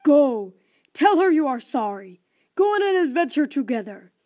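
A woman's voice: high-pitched, sing-song, moderate pace, darkish tone. A woman doing a solemn little space creature. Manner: solemn, urging. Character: small strange wise creature, calm and insistent. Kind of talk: storybook reading.

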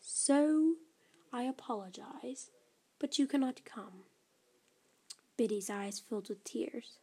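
A woman reading a children's story aloud, soft and often close to a whisper. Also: fairly high pitch, takes it slowly, husky.

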